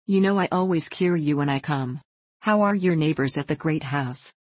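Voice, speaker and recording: Woman reading as a calm, sensible young woman. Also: sits low, moderate pace, no room sound. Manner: calm, reasonable.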